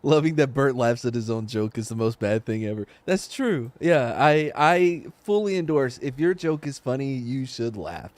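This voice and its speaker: A man's voice: medium pitch, animated, moderate pace, few pauses, darkish tone, no room sound. A man who is a guest on a movie podcast, joking around and laughing often in casual chat.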